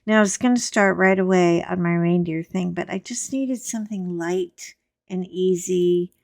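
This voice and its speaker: A middle-aged woman, hoarse while recovering from laryngitis, chatting casually and rambling with wry humor as she hosts her coloring channel from a chair at home. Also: lowish voice, moderate pace, a little mellow, dry recording, studio quality. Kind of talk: casual chat.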